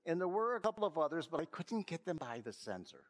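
Man, pastor, slightly higher voice, easygoing storytelling sermon, pokes fun at himself. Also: sing-song, quick pace. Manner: storytelling, gently self-mocking. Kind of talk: sermon with an opening joke.

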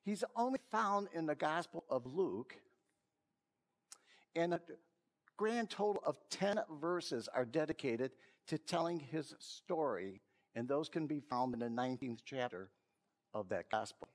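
A man's voice: fairly high pitch, expressive, measured pace. Man preaching with a lightly raised voice. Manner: storytelling, gently self-mocking. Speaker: pastor. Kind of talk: sermon with an opening joke.

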